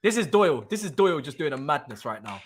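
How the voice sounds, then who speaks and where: A young man hosting a live football watch-along, talking excitably, repeating himself and swearing freely. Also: fairly high pitch, fast. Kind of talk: live stream reaction commentary.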